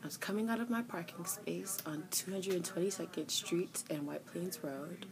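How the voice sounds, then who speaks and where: A young woman tells a story to her camera in an exasperated rant. Her voice sits a little low, and it jumps up sharply when she imitates the other people in the argument. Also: normal speed, crowd noise, rough recording. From New York. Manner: exasperated storytelling, acts out both sides of an argument in raised voices. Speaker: vlogger.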